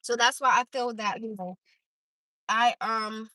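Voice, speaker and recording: This woman from Newark, New Jersey, with a Newark accent, hosts a casual phone livestream from her parked car and addresses the chat head-on. Her fairly high voice is steady, bright, and forceful, at a measured pace. The audio is poor but echo-free.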